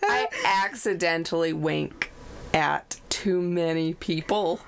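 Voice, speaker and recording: A young woman chatting casually as a podcast co-host, animated and self-deprecating, often breaking into giggles. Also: fairly low pitch, slow, vocal fry, a little hiss or hum. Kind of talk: casual chat.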